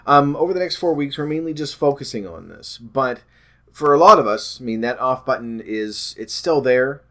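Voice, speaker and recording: A man at an ordinary middle pitch, talking to camera about his weight-loss journey. He rambles, loses his thread, corrects himself with plenty of ums, and jokes about his own stumbles. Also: expressive, moderate pace, pushed and bright. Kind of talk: casual talk to camera.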